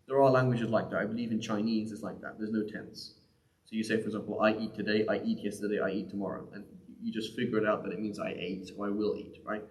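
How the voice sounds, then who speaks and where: A man with a lowish voice teaching a live class on Arabic grammar in an echoey community room. He talks conversationally, checking in with "right?" and circling back over his words. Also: darkish tone. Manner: conversational, often asks "right?", with frequent restarts. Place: mosque or community center room.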